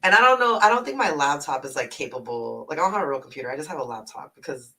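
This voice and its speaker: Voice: medium pitch, animated, quick pace, bright, forceful tone, husky, recorded from a distance, poor audio. A speaker from the north side of Houston with a Houston Texan accent, rambling through a casual livestream chat with lots of 'like', free swearing and frequent laughs. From north side of Houston, Texas. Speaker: livestreamer and travel agent. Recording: voice a little off-mic.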